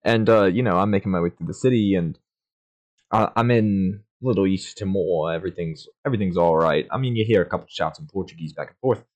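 A young man co-hosting a podcast, telling an absurd story in a halting, deadpan way. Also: low voice, dull audio. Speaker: podcast co-host.

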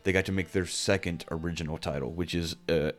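A man with a low voice talks a little fast while co-hosting a casual video game podcast. He's relaxed and rambling, with lots of fillers in the chat.

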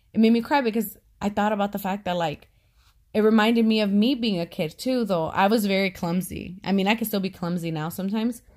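A woman in her thirties chatting casually as a podcast co-host, talkative and quick to laugh. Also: medium pitch. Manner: chatty, laughs often, talks a lot. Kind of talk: casual conversation.

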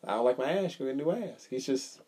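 A man's voice: mid-range voice, lively intonation, fast, warm tone, slightly rough. A man co-hosting a casual podcast chat, telling a story with swearing and acting out the quotes. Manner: storytelling, profane, acts out quotes. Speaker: podcast co-host.

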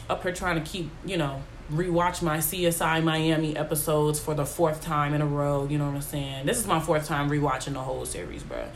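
A woman's voice: deep voice, a bit bright, slight background noise. A young woman, hosting a casual podcast monologue in a blunt, rambling way that drifts off on tangents. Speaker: podcast host.

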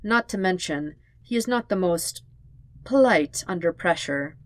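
A woman reading aloud and voicing a gentle, weary old man who speaks quietly and formally. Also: fairly low pitch, animated, unhurried. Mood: grave.

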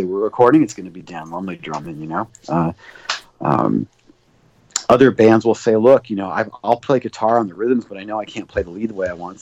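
A man with a lowish, darkish voice, a record producer guesting on an interview show, tells long, rambling stories packed with fillers and acts out quoted dialogue. The casual storytelling comes through a dull, lo-fi, dry recording.

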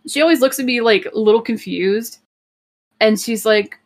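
Young woman just chatting, rambly, lots of likes and ums, laughs a bit here and there. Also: a little high. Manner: rambling, frequent "like" and "um", quick laughs. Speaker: podcast co-host. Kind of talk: casual storytelling chat.

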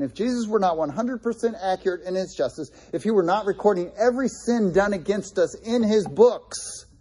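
Male pastor, sermon delivery, warm and a bit raspy, earnest with emphatic repetition. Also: on the high side. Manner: earnest preaching, repeats key phrases for emphasis.

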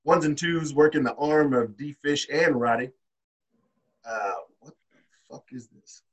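A man's voice: fairly high pitch, measured pace, fairly bright tone, slightly rough. A man hosting a podcast, casually recapping wrestling from his notes with loose, profane talk. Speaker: podcast host.

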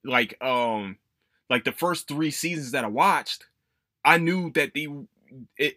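Man, young adult, podcast host, rambling, profane, animated, bright tone. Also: fairly high pitch, dry recording. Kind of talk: casual solo chat.

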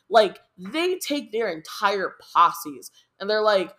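Rambling, excitable young American woman. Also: on the high side, moderate pace, hardly any pauses. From United States. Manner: rambling, excitable, heavy swearing and fillers. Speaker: podcast host. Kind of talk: casual chat.

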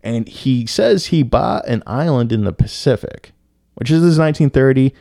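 A young man co-hosting a podcast, telling a story casually with lots of swearing and filler words and bursts of loud disbelief. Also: mid-range voice, animated, moderate pace, gravelly, dry recording, studio quality. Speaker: podcast co-host.

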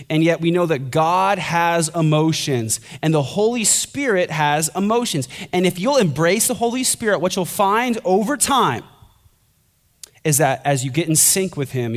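A young man preaching a sermon as a pastor, conversational and joking, then building to fervent intensity. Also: fairly high pitch.

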